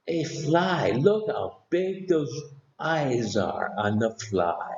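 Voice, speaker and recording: A man teaching young children about animals with slow, exaggerated questions. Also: mid-range voice, big pitch swings, gravelly, a little mellow, reverberant, muffled recording. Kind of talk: children's lesson.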